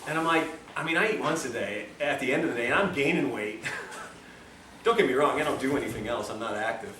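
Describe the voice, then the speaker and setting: A man's voice: mid-range voice, fairly quick, background noise. A man giving a lecture at a health institute, telling a story in a chatty, joking way full of self-mocking asides. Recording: echoey room, distant mic, faint ambience.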